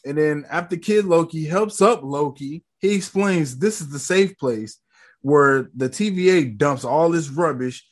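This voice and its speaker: A man's voice: fairly high pitch, measured pace. A man retelling a show scene by scene in a laid-back chat, swearing now and then. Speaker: podcast co-host recapping an episode. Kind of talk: casual recap chat.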